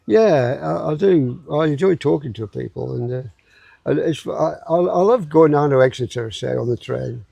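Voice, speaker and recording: A man's voice: a little high, normal speed, vocal fry, warm tone, breathy edge, no echo. A man, a guest in a casual chat who repeats words while he finds them. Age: 80s.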